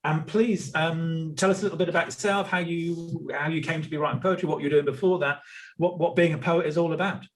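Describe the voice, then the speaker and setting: A man hosting an interview, introducing his guest in a hesitant, halting way. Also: a little high, fairly even intonation, rough recording. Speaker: interview host. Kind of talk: casual interview.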